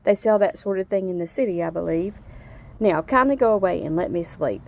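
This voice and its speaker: A woman voicing a cross, deaf old male owl in a storybook, with a scratchy voice and gruff, curt manner. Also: on the low side, brisk.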